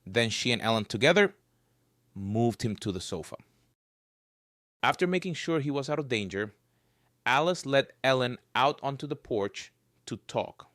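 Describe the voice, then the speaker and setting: A man narrating a scripted story in a lively, varied storytelling voice. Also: medium pitch, normal speed, long pauses, no room sound, clean studio sound.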